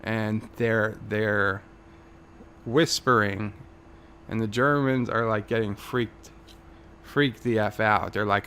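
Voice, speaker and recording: A man's voice: lowish voice, steady tone, takes it slowly, pauses often, pushed and bright, slight background noise. A man telling a mock history in a rambling comic way, with many fillers and restarts and a mock-earnest tone.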